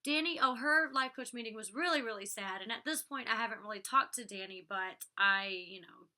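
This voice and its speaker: Young woman, casual vlog chat, very bright voice, slightly high, rambling with lots of likes. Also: a little fast. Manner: chatty, fills talk with "like" and "you know". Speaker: reality show cast member recapping an episode.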